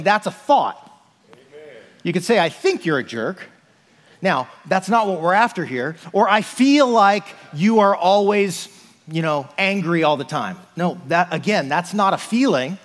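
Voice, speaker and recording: Pastor, man, chatty sermon delivery, voice ringing in a reverberant sanctuary. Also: high-pitched. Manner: conversational, frequent "like" and "right?".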